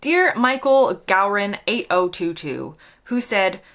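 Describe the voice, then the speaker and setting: A croaky-voiced American woman works through the comments on her videos. She answers each one with dry, mock-sincere sarcasm. Her pitch rises and falls in lively swoops. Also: slow pace. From United States. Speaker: vlogger.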